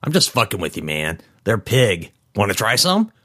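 A man's voice: on the low side, sing-song, a bit bright. A man voicing a laid-back undead young man who talks in an easygoing drawl. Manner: easygoing, drawn-out "man" at line ends.

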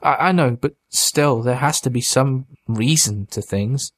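A man's voice: medium pitch, measured pace, no echo, pitched above the performer's own voice, lightly acted. A man voicing a distraught grown man who pleads and sobs with his monstrous brother, in an audiobook. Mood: anguished. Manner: pleading, tearful. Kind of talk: audiobook character voice.

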